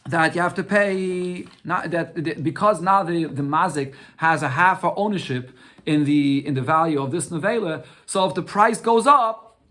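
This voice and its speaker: A man with a fairly high voice teaching a daily Talmud class. He reads short Aramaic phrases and unpacks each one step by step. He often repeats words, then poses questions and answers them himself. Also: normal speed, bright, forceful tone. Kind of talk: Talmud lesson with Aramaic reading.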